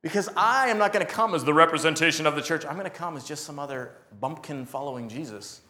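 A man's voice: a little high, fast, echoey room. A man preaching a sermon, telling stories with laughter and acting out what people said. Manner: animated storytelling with laughs and acted quotes. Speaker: pastor.

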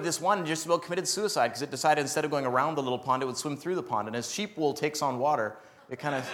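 A male missionary preaching a sermon, his voice sitting a little higher than most men's. He talks in an animated, joking way and acts out the people in his stories.

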